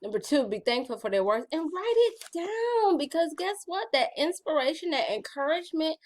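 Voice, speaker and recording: A woman's voice: sits high, big pitch swings, normal speed. A middle-aged woman vlogging about her gratitude journal in casual, playful chat, calling her viewers y'all.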